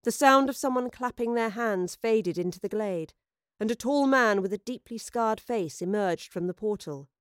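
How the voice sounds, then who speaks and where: A woman narrating an audio drama in a measured, dramatic storytelling manner. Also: a little high, clean tone, no echo, clean studio sound.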